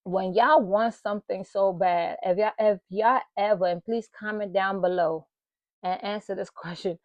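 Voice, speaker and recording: A woman's voice: mid-range voice, fairly even intonation, normal speed, no echo, dull audio. Earnest woman sharing testimony. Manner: emotional, earnest, addresses viewers directly. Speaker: channel host. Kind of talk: personal testimony vlog.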